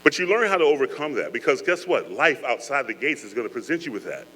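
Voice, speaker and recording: This guest speaker is very animated and quick, his medium-pitched voice sharp in tone. He gives cadets a joking, earnest speech in a conversational manner, recorded in an echoey hall with mains hum.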